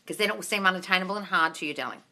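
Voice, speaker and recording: Speaking very fast in a low-leaning, sharp voice, this woman is a manifestation coach running a phone livestream Q&A. She reads out her viewers' comments and responds, calling them darling, cursing liberally, never mincing words.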